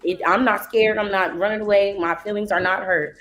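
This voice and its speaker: Woman, firm measured argument, mid pitch, faint music behind. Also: fairly even intonation, a bit bright. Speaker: panelist. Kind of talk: podcast debate.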